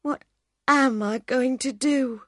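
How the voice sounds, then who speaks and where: A frantic young husband whose wife has vanished from the train, as a woman reader puts him on. His voice climbs high and pleads, with every line drawn out slowly. It sounds close and dry. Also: huge pitch swings, husky, no echo, heavily acted. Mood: upset. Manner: pleading, agitated.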